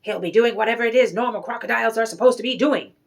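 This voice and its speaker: A woman's voice: on the high side, slow pace, a bit bright, husky, exaggerated voice. A woman voicing a grumpy, furious male store manager, giving stern, clipped commands in a storybook reading. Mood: cold.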